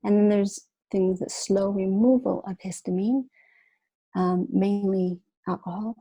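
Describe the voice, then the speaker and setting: A woman's voice: mid-range voice, fairly even intonation, a little slow, warm tone, dry recording, highs cut off. A woman presenting a nutrition webinar lecture, talking informally with fillers and restarts.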